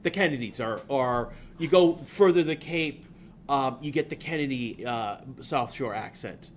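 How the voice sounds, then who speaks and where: A man's voice: medium pitch, normal speed, a little hiss or hum. Guy from southern new england giving a class lecture, rambly, wanders off topic a lot. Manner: rambling, prone to tangents. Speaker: instructor.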